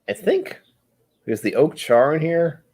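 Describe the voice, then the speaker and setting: This man hosts a live whiskey tasting stream, chatting casually as he tastes, rambling, musing and poking fun at himself. His voice sits fairly high and is very animated, a bit slow, with a darkish tone and a breathy edge.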